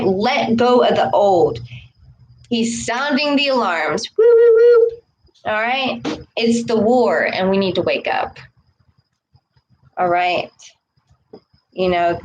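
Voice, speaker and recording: A woman giving a casual spiritual talk to camera, preaching with a steady stream of "okay" and "all right". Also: medium pitch, slight background noise, poor audio. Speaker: spiritual vlogger.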